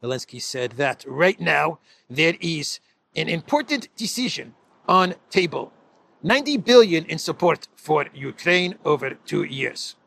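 A man doing a mocking impression of a male head of state, halting speech and a put-on foreign accent. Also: on the high side, sing-song, gravelly, fairly bright tone, slight background noise, exaggerated voice. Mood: solemn.

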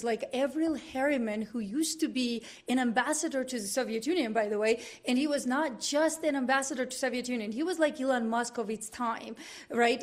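A woman from Georgia telling stories in a lively, fast, heated casual conversation, laughing now and then. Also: a little high. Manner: animated, quick storytelling with laughs.

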